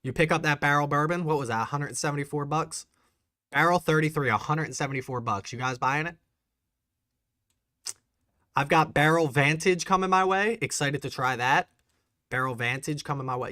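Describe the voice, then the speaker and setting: A man hosting a casual livestream, chatting excitedly and answering viewers' messages. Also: a little high, no room sound, studio quality. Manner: chatty, reads and answers live chat, excitable. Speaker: bourbon channel host.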